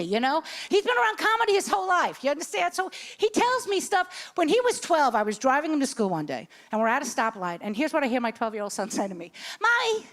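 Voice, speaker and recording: A woman in her sixties doing a stand-up comedy set, telling stories animatedly and voicing the people in them. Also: sits high. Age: 60s. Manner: animated storytelling with voiced characters. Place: comedy club stage. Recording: live club recording with background noise.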